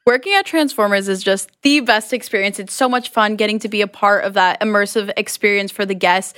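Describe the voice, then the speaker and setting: A young woman raves about her job on a podcast, repeating her praise with upbeat energy. Her voice is smooth and resonant at a middle pitch. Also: brisk, fairly bright tone. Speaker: ride attendant guest. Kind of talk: interview answers.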